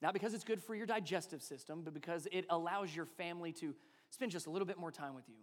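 A pastor in his thirties preaching a sermon, shifting between animated storytelling and soft, slow emphasis. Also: fairly high pitch. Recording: long hall reverb.

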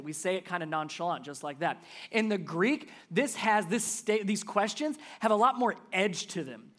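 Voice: medium pitch, lively intonation, moderate pace. Emphatic conversational pastor preaching. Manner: emphatic, conversational preaching that swings between loud stresses and soft asides. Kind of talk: sermon.

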